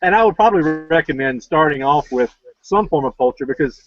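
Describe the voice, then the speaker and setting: A man on a casual panel who makes quick, joking asides. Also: on the high side, lively intonation, fairly bright tone, highs cut off. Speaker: panel guest.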